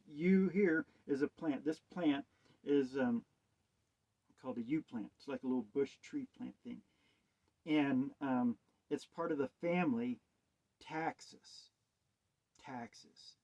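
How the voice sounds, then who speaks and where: Speaking in a warm, mid-range voice, a man who styles himself a preacher wanders hesitantly through wordplay and scripture, posing musing rhetorical questions. Dull lo-fi audio.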